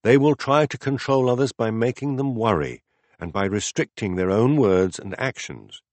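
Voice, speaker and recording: A man voicing a patient philosopher who explains ideas step by step in a measured, deliberate audiobook reading. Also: medium pitch, animated, a little mellow, no echo, close to an everyday voice. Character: calm, patient male teacher explaining ideas. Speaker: philosopher in a dialogue.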